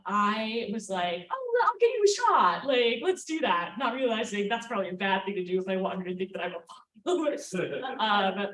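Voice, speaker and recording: A woman's voice: medium pitch, a bit bright. A woman telling a self-mocking personal story at a live storytelling night, casual and full of fillers. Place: event space with audience. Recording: roomy sound from far off the mic.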